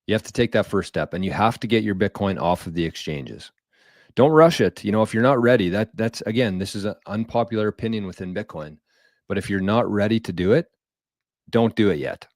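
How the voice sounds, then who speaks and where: A man with a low voice co-hosts a casual livestream and talks a viewer through a worry in an earnest, step-by-step way. The sound is close and dry, with no room around it. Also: fairly quick, no room sound. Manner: earnest, advising, steady explaining. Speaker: livestream co-host.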